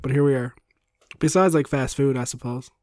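A man's voice: mid-range voice, a little fast, a little mellow, no room sound, studio quality. A young man co-hosting a podcast in casual chat, hesitant and wry, trailing off with fillers. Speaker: podcast co-host.

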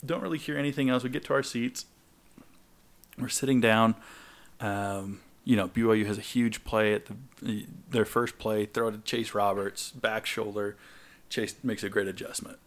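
A man's voice: fairly low pitch, normal speed. A young man co-hosting a podcast, telling a long story casually and acting out the people he quotes with lifts in his voice. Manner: animated, acts out quoted people in raised voices. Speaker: podcast co-host.

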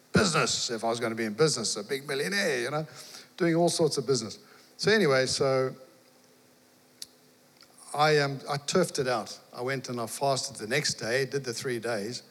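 Animated preacher in a reverberant hall. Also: male voice, medium pitch. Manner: animated storyteller, acts out dialogue, laughs. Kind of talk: storytelling sermon.

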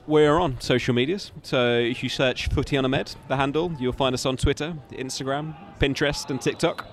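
A man reading out a podcast's social media plugs. His voice is mid-pitched and plain. He moves through the list in a matter-of-fact way. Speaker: podcast co-host.

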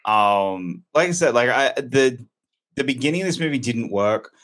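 A man's voice: mid-range voice, lively intonation, moderate pace, fairly bright tone. A man giving a casual, rambling and candid spoken film review. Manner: rambling, candid, self-correcting.

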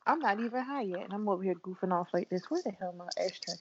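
Woman, high voice, very lively swings, playful storyteller, lo-fi call sound. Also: fast. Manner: animated, acts out quotes in voices. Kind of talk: casual group chat. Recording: dull lo-fi call audio with faint noise.

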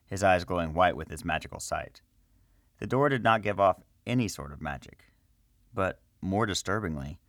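Deep-voiced man reading a story. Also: a bit bright, no room sound, clean studio sound. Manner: friendly, direct to listeners. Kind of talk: storybook narration.

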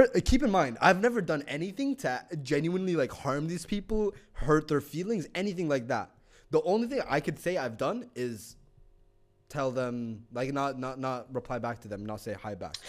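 Animated young man telling a story. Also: mid-range voice, moderate pace. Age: young adult. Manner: animated, swears a lot, acts out quotes. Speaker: podcast co-host. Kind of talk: casual storytelling chat.

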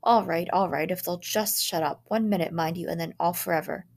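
A woman's voice: on the low side, a little fast, gravelly, darkish tone. A woman reading the part of a stern, fed-up father who speaks in firm, clipped lines. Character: stern fed-up father, middle-aged man.

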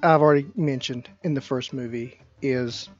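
A man co-hosting a podcast in casual chat, talking haltingly with many fillers and restarts. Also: medium pitch, fairly even intonation, soft background music. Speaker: podcast co-host. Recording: dry, dull lo-fi sound.

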